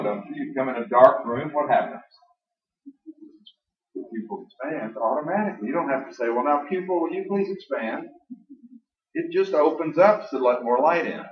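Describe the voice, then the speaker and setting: A man with a fairly high voice preaches a sermon in a church hall, emphatic and folksy, slowing down to stress each passage he quotes. He is picked up from a distance in a dull, echoey live recording. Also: a bit bright.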